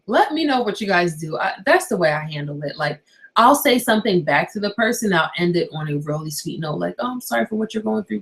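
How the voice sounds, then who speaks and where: Chatty woman vlogging, lowish voice. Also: poor audio. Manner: animated, chatty, rhetorical questions. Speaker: YouTuber. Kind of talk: casual vlog talk to viewers. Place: home bedroom at night.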